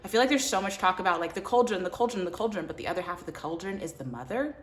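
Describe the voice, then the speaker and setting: A woman with a slightly low-pitched voice chatting through a book review. She talks loosely and animatedly, with lots of filler words and little bursts of character voices. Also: rapid-fire, a little hiss or hum. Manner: animated, filler-heavy, acts out characters' lines. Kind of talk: casual book review chat.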